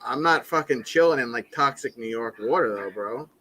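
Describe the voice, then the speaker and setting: A man's voice: medium pitch, lively intonation, moderate pace, fairly bright tone, slight background noise, rough recording. A young man hosting a casual live stream, rambling and joking with heavy swearing.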